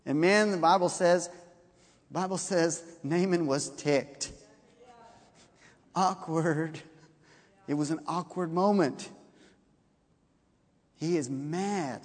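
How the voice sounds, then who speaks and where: A man preaching a sermon, telling a story with lively energy and acting out the characters' lines. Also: fairly high pitch, slow, pauses often. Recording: long hall reverb.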